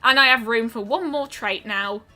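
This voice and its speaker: A woman's voice: a little high, moderate pace, pushed and bright, faint music behind. A woman streaming a game, musing aloud in casual commentary with lots of ums and trailing thoughts.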